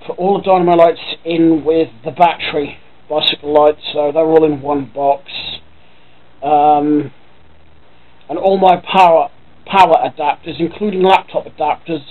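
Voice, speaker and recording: A man's voice: on the high side, narrow, tinny audio. A man with a Norfolk accent rambling casually in a home vlog, chatty and swearing offhandedly. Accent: Norfolk English. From Norfolk, England. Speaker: vlogger. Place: at home by his computer.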